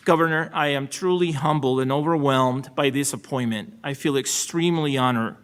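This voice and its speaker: A middle-aged man from El Salvador with a Salvadoran Spanish accent, giving a formal ceremonial acceptance speech as a new supreme court justice. He is measured and gracious, with dry self-deprecating humor. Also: mid-range voice. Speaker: newly appointed state supreme court justice.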